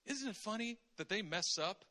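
A man preaching a sermon in an animated way, acting out conversations in different voices. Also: high-pitched, normal speed.

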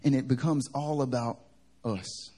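A man's voice: mid-range voice, steady tone, unhurried, dark tone. A man preaching a sermon at a church service. He tells stories in a conversational way that builds to fervent preaching.

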